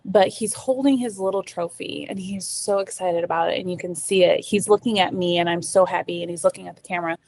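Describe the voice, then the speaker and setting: A middle-aged woman, a podcast guest, telling her story in a casual, animated way, acting out the voices she quotes, with lots of fillers. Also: lowish voice, vocal fry.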